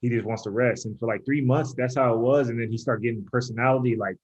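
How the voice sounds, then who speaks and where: A man's voice: mid-range voice, steady tone, fast, a little mellow, slightly rough, lo-fi sound. A young man, a pro athlete guest on a podcast, telling a long casual story and acting out voices in quotes, with lots of "like". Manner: rambling storyteller, heavy use of "like", acts out voices in quotes. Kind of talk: casual chat.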